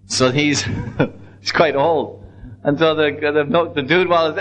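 Male preacher-storyteller, animated delivery, restarts often, slightly high pitch. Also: measured pace, dull audio. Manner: animated retelling with many restarts. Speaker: religious storyteller. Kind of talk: devotional story sermon.

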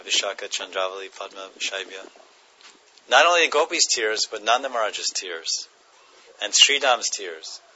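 A man's voice: lowish voice, bright, forceful tone, muffled recording, slight background noise. A man giving a devotional class, chanting verses, translating them and chuckling as he tells stories. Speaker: spiritual teacher.

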